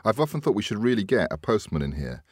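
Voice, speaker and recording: Man, very low voice, dry close sound, chatty and laughing. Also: big pitch swings, fast talker, husky, no room sound. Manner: chatty, laughs often, trails off quietly. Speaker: podcast host. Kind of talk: casual chat.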